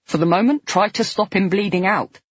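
A woman's voice: mid-range voice, brisk, husky, no echo, lo-fi sound, close to an everyday voice. A woman voicing a frantic young woman who gives urgent medical orders and swears under pressure.

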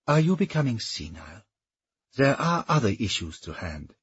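A man's voice: mid-range voice, big pitch swings, normal speed, a bit bright, slightly rough, dry recording, lo-fi sound, voice pushed up, exaggerated voice. A man voicing an impatient, capricious medieval king who speaks imperiously in an audiobook. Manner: imperious and petulant.

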